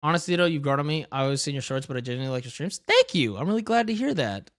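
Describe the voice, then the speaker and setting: A man's voice: a little high, very animated, racing, fairly bright tone, no room sound, studio quality. A young man streaming live who rambles casually, swears freely and keeps saying "dude" and "bro". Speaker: livestreamer.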